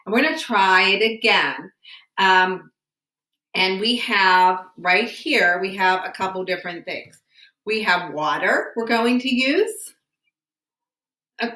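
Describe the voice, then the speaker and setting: Bright-voiced woman teacher in an echoey room. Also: medium pitch. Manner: patient, encouraging classroom questioning. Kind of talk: home science lesson to students. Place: home room.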